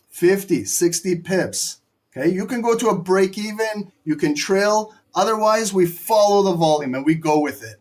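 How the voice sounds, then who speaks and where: Brief: male live-stream trading host, fairly high voice, excitable and profane play-by-play. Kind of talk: live market commentary.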